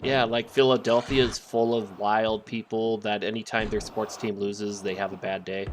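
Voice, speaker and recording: A man from Minnesota chatting casually with friends while playing a wrestling game, relaxed and full of fillers. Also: fairly low pitch, moderate pace, background noise.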